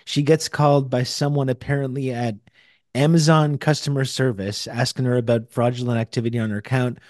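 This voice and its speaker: A man's voice: mid-range voice, fairly even intonation, a little fast, darkish tone, no room sound, studio quality. A man hosting a podcast in casual chat, recapping a story in a conversational way.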